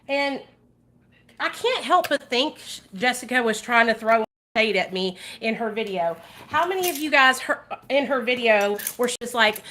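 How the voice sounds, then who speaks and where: A woman's voice: a little high, animated, moderate pace, sharp tone, slight background noise. A woman vlogger talking casually and animatedly to her viewers, swearing freely and addressing them directly. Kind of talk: casual livestream commentary.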